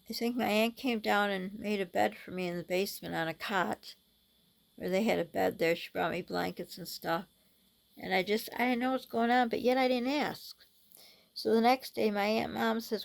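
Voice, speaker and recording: A middle-aged woman tells a personal story to her vlog audience. Her voice has a gravelly, fry-edged texture at a medium pitch. She speaks haltingly, stopping and restarting often. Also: darkish tone. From United States. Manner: halting, many restarts and fillers. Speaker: vlogger.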